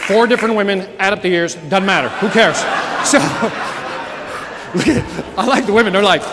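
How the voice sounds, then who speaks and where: A man's voice: sits high, normal speed, heavy background noise. A man giving a motivational sales keynote, joking and questioning the crowd with lots of energy. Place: large conference hall. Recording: reverberant hall with audience. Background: audience laughter and murmur.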